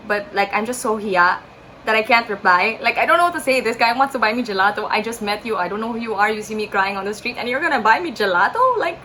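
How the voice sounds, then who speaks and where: A young Filipino-accented woman telling a story to camera, chatty and full of "like," acting out each quoted line. Her voice is bright and pitched a touch high, with a faint room hum behind. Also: animated, quick pace, low-quality recording. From Philippines. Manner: chatty, many likes, acts out quotes. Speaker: vlogger. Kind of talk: storytime vlog.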